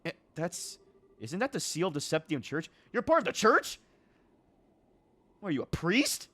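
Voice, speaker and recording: A man's voice: on the high side, very animated, bright, forceful tone, full character voice. Man voicing a spirited young fighter girl. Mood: surprised. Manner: blunt, quick to doubt. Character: cheerful young woman, spirited guild fighter. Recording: faint game music behind.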